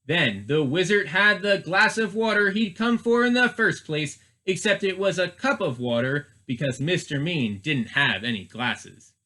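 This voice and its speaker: A man's voice: high-pitched, expressive, measured pace, few pauses, bright, forceful tone. A man, a children's librarian, reading a storybook aloud expressively and asking the listeners questions.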